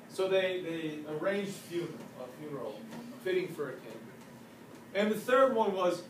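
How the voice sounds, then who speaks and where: A man retelling a legend aloud in a casual, animated, joking way. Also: a little high, measured pace. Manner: animated, playful, joking asides. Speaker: storyteller. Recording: echoey room from a distance, faint noise.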